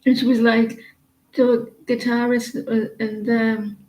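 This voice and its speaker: A woman's voice: a little high, level tone, unhurried, a little mellow, roomy sound, poor audio. A British woman doing tarot readings and chatting in a rambling, gossipy way with lots of hesitations. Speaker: tarot reader. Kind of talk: casual live-stream chat.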